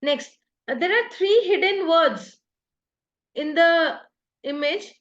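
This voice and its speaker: A woman's voice: very high-pitched, takes it slowly, a bit bright, dull audio. A woman with an Indian English accent teaching an online design workshop over a video call, patiently explaining ideas step by step with examples. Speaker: workshop trainer.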